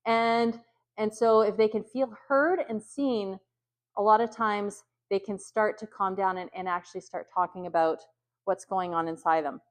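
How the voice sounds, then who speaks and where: A woman leading a training session for youth workers, talking conversationally with many ums and acting out example phrases. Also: mid-range voice. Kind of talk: training talk.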